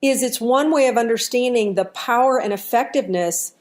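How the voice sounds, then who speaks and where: A woman with a fairly high voice telling a story for a lesson. Her delivery is expressive and animated. She talks straight to the listener. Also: brisk. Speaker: workplace culture speaker.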